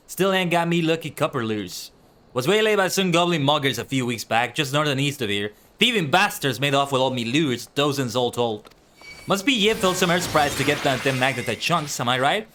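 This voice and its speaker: Here is a worn-out old fisherman from a fantasy game, grumbling along in a rough, clipped dialect with dropped grammar, as a man reads the part aloud. The voice sits in a middling pitch, and the talk stays gruff and put-upon throughout. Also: expressive, brisk, a bit bright, close to an everyday voice. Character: weary broken-down old male fisherman. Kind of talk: reading game dialogue aloud in a put-on accent.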